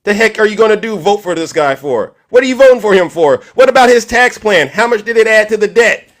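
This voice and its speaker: A man's voice: high voice, expressive, fairly quick, fairly bright tone. A middle-aged man hosting a heated political argument, combative and cutting in by repeating the other person's name. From California. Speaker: live-stream debate host.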